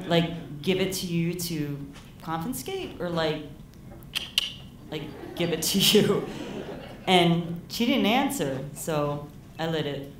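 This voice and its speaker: A woman's voice: fairly low pitch, animated, a little slow, noisy background. Rambling woman telling a story live on stage. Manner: casual, rambling, heavy use of "like". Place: live storytelling event in a venue. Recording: roomy live hall, mic heard from a distance.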